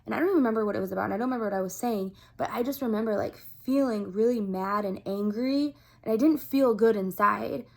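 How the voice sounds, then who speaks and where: A woman's voice: on the high side, fast, gravelly, hardly any pauses. A woman vlogger talking casually to camera in a chatty, upbeat way, with many fillers like "like" and "um". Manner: earnest, animated storytelling.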